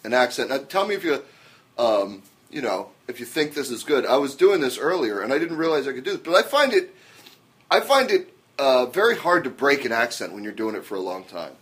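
A middle-aged man co-hosting a podcast, chatting crudely and breaking into loud cackling laughter. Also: mid-range voice, big pitch swings, a little fast. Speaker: podcast co-host. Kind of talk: crude comedic banter.

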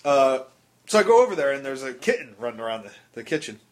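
A man's voice: mid-range voice, big pitch swings, quick pace. A man co-hosting a casual podcast chat, telling a story with plenty of swearing. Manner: profane, anecdotal storyteller.

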